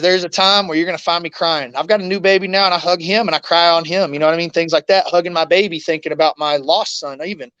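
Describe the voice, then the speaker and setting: Man, high voice, blunt and raw, swearing, dry dull-sounding recording. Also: fairly bright tone, dry recording. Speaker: interview guest, fighter. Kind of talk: emotional storytelling in an interview.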